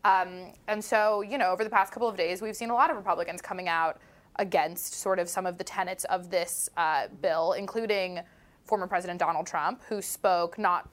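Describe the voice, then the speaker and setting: A woman appearing as a guest news anchor, explaining politics in a measured way with frequent fillers. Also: on the low side, steady tone. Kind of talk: political discussion.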